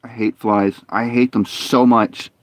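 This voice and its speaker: A man's voice: mid-range voice, flat delivery, unhurried, no room sound. A man streaming a game live, muttering and complaining in frustration as he plays. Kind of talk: live gameplay commentary.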